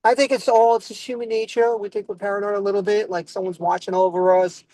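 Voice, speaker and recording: A man's voice: sits high, flat delivery, quick pace, warm tone, no room sound. An Italian-American comedian doing a rambling stand-up set while driving, recorded inside his car. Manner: rambling, asks himself "what else is going on".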